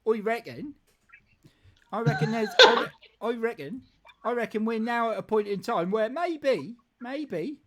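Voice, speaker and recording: A man hosting a casual football live stream, rambling and jokey with frequent restarts. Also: sits high. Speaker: football show host.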